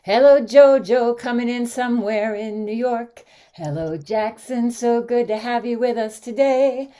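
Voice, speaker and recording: A woman's voice: fairly high pitch, measured pace, clean tone. A woman hosting an online sing-along show, cheerfully greeting viewers by name. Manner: cheerful, animated greeter listing names. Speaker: host. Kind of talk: warm online greetings, casual chat.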